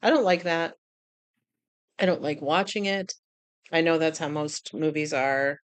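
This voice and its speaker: A woman vlogger chatting casually about writing, animated, laughing often and acting out little quotes. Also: deep voice, measured pace, clear, resonant tone, dry recording. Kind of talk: casual chat.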